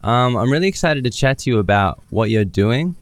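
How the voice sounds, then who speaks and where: A man's voice: mid-range voice, lively intonation, a little fast. A man with an Australian accent hosting a podcast, chatting casually and upbeat, often joking at his own expense. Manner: upbeat, chatty, self-deprecating. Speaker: podcast host. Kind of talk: casual interview chat.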